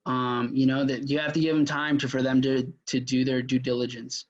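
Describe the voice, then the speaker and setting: A man's voice: medium pitch, flat delivery, a little fast. A man leading a casual sales workshop lecture, chatty and full of fillers and restarts. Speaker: mentor teaching a sales workshop. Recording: dull lo-fi audio.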